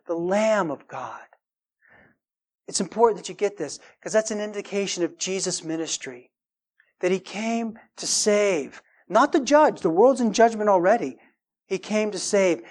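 A woman's voice: mid-range voice, a little mellow. Emphatic casual woman preacher. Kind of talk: sermon.

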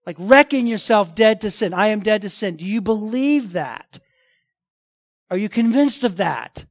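A man preaching a sermon as pastor, emphatic, often asking the congregation questions and swinging between loud declarations and hushed lines. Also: high voice, animated, measured pace, dry recording, clean studio sound.

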